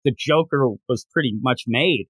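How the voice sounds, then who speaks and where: A man's voice: mid-range voice, moderate pace, breathy edge, no room sound, rough recording. A man hosting a comics review podcast, retelling the plot in casual chat and acting out the characters as he goes. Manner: animated storyteller, acts out the characters.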